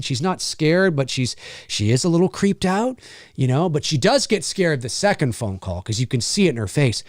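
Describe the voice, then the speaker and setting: A man hosting a live question-and-answer stream as a voice actor, talking in a rambling, animated way and swearing freely. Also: medium pitch, moderate pace, no echo, clean studio sound. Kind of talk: casual live-stream chat.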